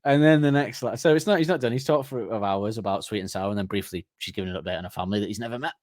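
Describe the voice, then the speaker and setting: Low, dry-voiced man spinning comic stories. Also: racing, darkish tone, no echo. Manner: rambling storyteller, acts out voices in quotes. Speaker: podcast co-host. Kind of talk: casual comedic chat.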